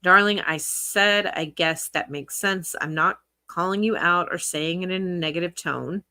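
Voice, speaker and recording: A woman's voice: on the low side, normal speed, pushed and bright, no echo. A woman commentary creator reading text messages aloud, with sarcastic asides between the quotes.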